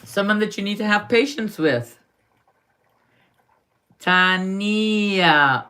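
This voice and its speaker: On a live stream, a woman from Guyana offers astrology readings, lovingly calling each viewer darling in a slow, drawn-out manner. Her mid-range voice is pushed and bright, with lively intonation.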